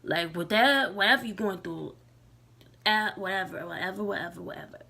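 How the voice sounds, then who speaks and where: A woman's voice: medium pitch, brisk, creaky, sharp tone. A young woman talking casually to her camera, loose and candid, with many likes and restarts. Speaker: vlogger.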